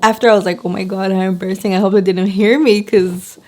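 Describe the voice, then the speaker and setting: A woman's voice: mid-range voice, steady tone, fast talker, a little mellow. Chatty young woman vlogging a story. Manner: chatty, lots of "like", acts out quotes. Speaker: beauty vlogger. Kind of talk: casual storytelling vlog.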